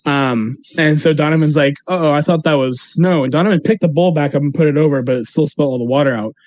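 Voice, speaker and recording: A man's voice: fairly high pitch, quick pace, darkish tone. A young man, a podcast co-host, telling a story in a casual, laid-back chat and laughing often.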